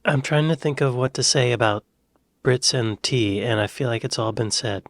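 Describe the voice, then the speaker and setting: An American man reacting to a video, musing out loud with hesitant, chuckling asides. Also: mid-range voice, normal speed, creaky, no room sound. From United States. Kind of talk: casual reaction commentary.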